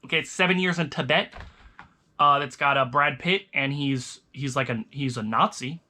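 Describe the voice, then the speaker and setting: A man's voice: medium pitch, moderate pace, bright, forceful tone. A young man chatting casually as a vlogger, rambling and restarting his sentences often. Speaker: vlogger reviewing movies. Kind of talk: casual chat.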